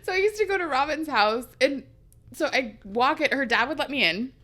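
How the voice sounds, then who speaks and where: Giggly high-voiced woman podcast host. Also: lively intonation, a little fast, bright, forceful tone. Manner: giggly, storytelling. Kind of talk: casual chat.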